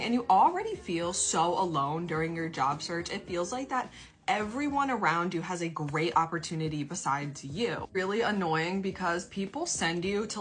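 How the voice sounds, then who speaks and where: Young woman, lowish voice, sarcastic, exasperated storytime vent. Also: a bit bright.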